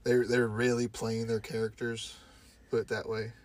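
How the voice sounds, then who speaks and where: A man's voice: mid-range voice, completely flat delivery, moderate pace, darkish tone. Laughing, foul-mouthed male podcast host. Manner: joking, swears freely, breaks into laughter. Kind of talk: casual crude banter.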